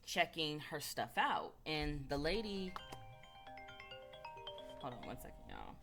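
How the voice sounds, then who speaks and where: A woman's voice: deep voice, huge pitch swings, slow pace, creaky, over music. A woman giving a casual spiritual talk, telling stories in a loose, chatty way full of fillers. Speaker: spiritual speaker.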